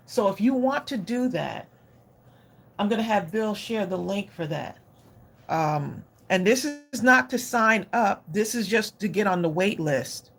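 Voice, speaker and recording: Slow-talking woman hosting a livestream. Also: mid-range voice, gravelly. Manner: effusive, chatty, addresses viewers directly. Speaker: crafting livestream host. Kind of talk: casual live chat with viewers.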